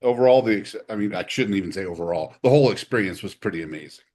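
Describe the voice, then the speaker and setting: A man with a lowish voice co-hosts a podcast in casual chat. He talks in an easygoing way and laughs often between his remarks. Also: lively intonation, fast talker, darkish tone. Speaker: podcast co-host.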